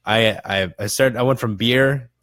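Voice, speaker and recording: A man's voice: medium pitch, measured pace, a bit bright, no echo, clean studio sound. Rambling young man telling stories. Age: 20s. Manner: rambling storyteller, swears freely, laughs at himself. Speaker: podcast co-host. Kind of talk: casual chat.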